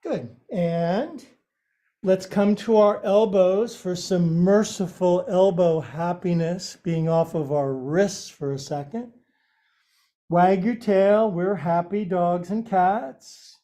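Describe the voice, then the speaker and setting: Playful, soft-toned yoga teacher man. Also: high-pitched, takes it slowly. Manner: playful, jokey instruction with silly sound effects. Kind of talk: guiding a yoga class.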